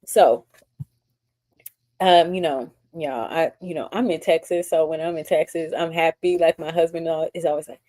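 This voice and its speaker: A woman's voice: deep voice, steady tone, moderate pace, dark tone. A woman hosting a live-stream book discussion, reading passages aloud and chatting upbeat with commenters. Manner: chatty, reads aloud and answers chat comments; upbeat and gushing. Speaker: book club host.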